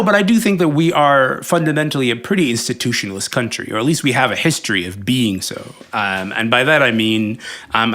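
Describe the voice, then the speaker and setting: A man's voice: fairly low pitch, pushed and bright. A man talking as a podcast guest in a casual political discussion, thoughtful and hesitant with frequent fillers. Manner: thoughtful, many fillers and restarts. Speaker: podcast guest, culture writer.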